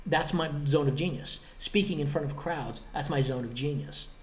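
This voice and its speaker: A man's voice: on the high side, moderate pace. A man hosting his own motivational podcast, talking emphatically and bluntly, with a little cheek, and acting out both sides of imagined exchanges. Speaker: podcast host.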